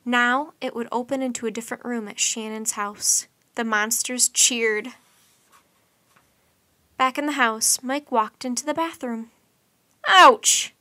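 With a bright, somewhat high voice, a woman reads a kids' bedtime storybook in a lively, expressive way, going a little slowly. The audio is close-miked, dry, and echo-free.

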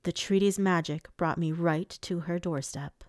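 Growling fae lord, male, low and curt, storybook reading by a woman, slow and unhurried. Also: steady tone, dry recording, clean studio sound, close to an everyday voice. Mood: gruff.

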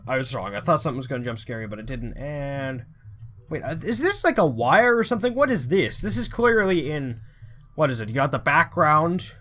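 A man giving let's play commentary, excitable, swearing a lot and thinking aloud as he plays. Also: on the high side, brisk. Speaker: gamer.

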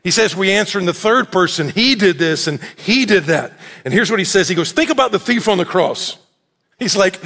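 Animated high-voiced preacher, echoey hall. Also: male voice, a little fast, gravelly. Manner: animated storytelling, acts out quoted voices. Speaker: pastor. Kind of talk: sermon. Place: church sanctuary.

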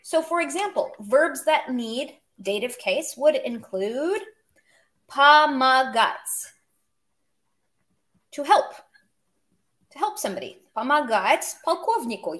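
A woman's voice: sits high, big pitch swings, moderate pace. Chatty woman teaching a language lesson. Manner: chatty, explains with humor and asides. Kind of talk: casual online language lesson.

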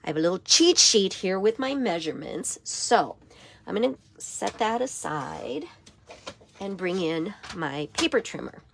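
A hoarse woman with a raspy voice giving a step-by-step papercraft tutorial in her craft studio. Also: mid-range voice, sing-song, measured pace, a little hiss or hum. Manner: step-by-step instruction with frequent okays. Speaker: papercraft demonstrator.

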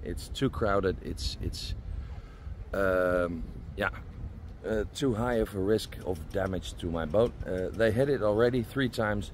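Low-voiced man vlogging from his boat. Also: a little hiss or hum. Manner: rambling, many fillers and restarts. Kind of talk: casual vlog talk to camera. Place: outdoors at a marina, on a boat.

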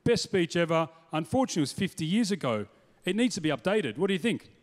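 High-pitched stand-up comic. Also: male voice, very animated, quick pace. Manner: punchy, playful, slips into mock voices and accents. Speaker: stand-up comedian. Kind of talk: stand-up comedy routine. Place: stage before a live audience. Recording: noisy hall with long reverb.

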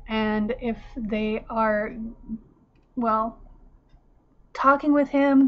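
A woman chatting in a rambling, self-deprecating way while working on mixed media art. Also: on the high side. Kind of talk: rambling casual craft vlog. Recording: muffled lo-fi with faint room hiss.

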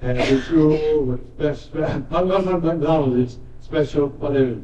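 In a church sanctuary, a pastor with a fairly high, warm voice preaches a little slowly with fairly even intonation. He tells folksy stories with joking asides and repeated words, captured in a dull, echoey recording from a distance.

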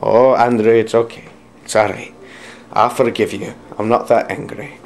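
A man's voice: mid-range voice, normal speed, a little hiss or hum, natural voice. A man playing a crude, hot-tempered fat father in an amateur comedy sketch, swinging between bellowing outbursts and mock-tender talk.

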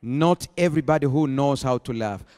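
A man preaching a sermon as pastor, rising into emphatic bursts and slowing to stress key phrases. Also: medium pitch, a little mellow, clear, resonant tone. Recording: long hall reverb.

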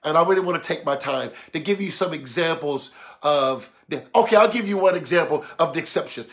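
A man preaching a sermon, animated and colloquial, acting out voices to make his points. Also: high voice. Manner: animated, mimics voices, laughs.

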